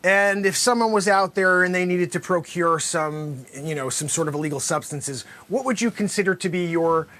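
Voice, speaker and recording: A man hosting an improvised comedy sketch as a courtroom lawyer, theatrical and bursting into loud exclamations. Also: high voice, moderate pace, hardly any pauses. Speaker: host playing a courtroom lawyer.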